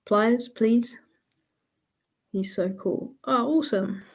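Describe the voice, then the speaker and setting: Woman, livestream host, unhurried delivery, chatty, reads viewer questions aloud. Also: fairly high pitch, creaky. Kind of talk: casual live Q&A chat.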